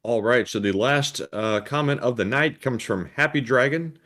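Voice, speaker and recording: A man co-hosting a live stream, reading viewer comments in a relaxed, halting way with many fillers. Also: mid-range voice. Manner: relaxed, hesitant with frequent fillers. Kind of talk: casual stream chat.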